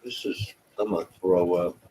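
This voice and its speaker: Here the livestream host has a low, mellow voice with a breathy edge, talking at normal speed on a low-quality recording. He reacts to his chat in a joking, exclamatory way and laughs frequently.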